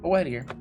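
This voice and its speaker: A young man casually commentating his gameplay, chatty and jokey, swearing freely and talking to himself and the game characters. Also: fairly high pitch. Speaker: gaming video creator.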